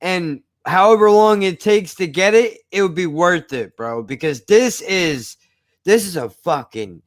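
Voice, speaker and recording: An excitable man co-hosting a casual chat over a video call, calling his friend "dude" and "bro". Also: high-pitched, a little slow, dry recording, studio quality. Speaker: podcast co-host.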